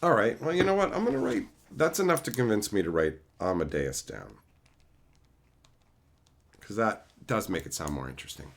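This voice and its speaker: A man's voice: lowish voice, normal speed, long pauses, a little hiss or hum. A man streaming live and casually answering chat about movies, rambling and swearing freely as he talks. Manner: rambling, profane, animated.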